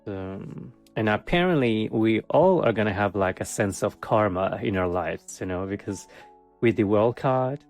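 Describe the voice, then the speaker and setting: A man with a fairly low voice talks through a monthly tarot reading at an unhurried pace. He wanders through his thoughts with plenty of ums and likes, and often breaks into small chuckles and self-mocking sarcasm. Quiet music plays softly underneath. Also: lively intonation. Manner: rambling, filler-heavy, chuckles often. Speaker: tarot reader.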